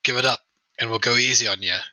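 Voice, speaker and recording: A man's voice: mid-range voice, fairly even intonation, fast talker, bright, forceful tone, no echo, rough recording. A man voicing a jeering male space pirate in a tabletop game, speaking in a taunting way.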